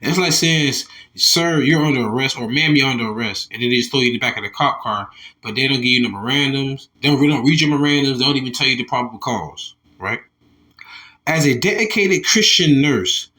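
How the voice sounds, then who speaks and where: A man's voice: mid-range voice, sharp tone. A man from the States, reading a news article aloud and commenting on it with Bible verses. He talks animatedly, restarts and repeats words, and calls his listeners y'all. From Southern United States. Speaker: religious commentator.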